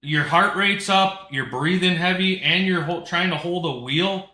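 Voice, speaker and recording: Bright-voiced man hosting a live show. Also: high-pitched, measured pace, roomy sound. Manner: storytelling, emphatic, blunt. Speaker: host. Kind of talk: casual live talk-show chat.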